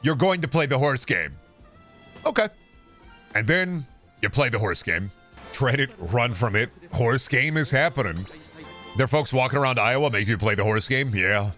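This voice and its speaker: A young man streaming a game, chatting casually, joking loudly and yelling at races. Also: medium pitch, animated, moderate pace, soft background music. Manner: loud, joking, yells at the game during races. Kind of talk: casual gaming stream chat.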